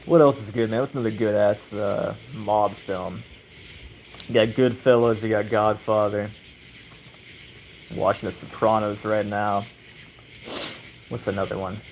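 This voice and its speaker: A man's voice: on the low side, fairly even intonation, a little slow, pauses often, darkish tone, slight background noise, low-quality recording. A man casually chatting with viewers of his stream, rambling, swearing a lot and chuckling often, while rocking on a swing on an outdoor porch. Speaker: livestream host.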